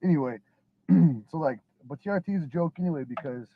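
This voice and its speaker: A man in his thirties talking casually, rambling and clearing his throat. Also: on the high side, lively intonation, quick pace, phone-quality sound, a little hiss or hum. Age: 30s.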